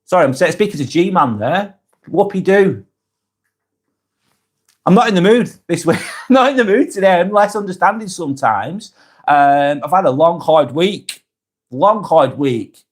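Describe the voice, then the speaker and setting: A man hosting a live vlog, reading comments aloud and answering them bluntly, often swearing, then softening to reassure. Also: fairly high pitch, lively intonation, measured pace, pauses often, slightly rough. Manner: blunt, sweary, swings between brusque and reassuring. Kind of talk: casual live vlog chat.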